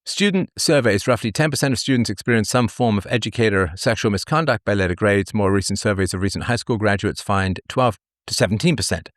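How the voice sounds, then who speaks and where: A man's voice: lowish voice, fairly quick, few pauses, no echo, clean studio sound. A man hosting a livestream monologue, reading statistics and repeating his phrases for emphasis. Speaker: livestream host. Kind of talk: commentary monologue.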